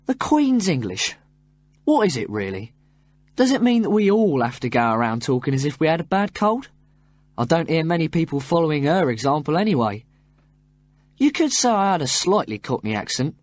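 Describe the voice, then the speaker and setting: A man reading a first-person passage aloud for a textbook audio track, in an expressive, rising and falling manner. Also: a little high, a little fast, dry recording, lo-fi sound.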